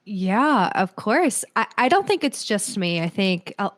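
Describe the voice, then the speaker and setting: A woman's voice: mid-range voice, sing-song, a little slow, fairly bright tone, dry recording, clean studio sound. A woman speaking as a guest in a casual technical podcast discussion over a call, talking conversationally with fillers and restarts. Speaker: solutions architect guest.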